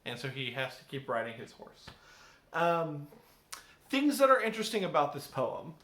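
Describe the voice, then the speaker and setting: A man's voice: a little high, very animated, moderate pace, fairly bright tone. Man teaching in a roomy space. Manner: conversational, often checks in with "right?". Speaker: English teacher. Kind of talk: recorded class lesson on a poem. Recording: roomy echo.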